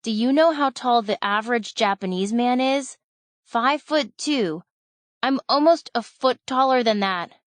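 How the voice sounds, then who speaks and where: A woman reading the lines of a usually quiet boy who blurts out his worries about fitting in. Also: mid-range voice, fairly even intonation, normal speed, smooth, no room sound, lightly acted. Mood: worried. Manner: blurting out worries, then exclaiming. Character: shy boy, tall, worried, speaks little.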